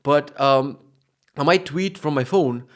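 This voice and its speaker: A man's voice: fairly high pitch, slow pace. A man in his thirties with an Eastern European accent, hosting a casual solo podcast, rambling and swearing, often breaking off mid-sentence. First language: Macedonian. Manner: rambling, profane, self-interrupting. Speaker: podcast host.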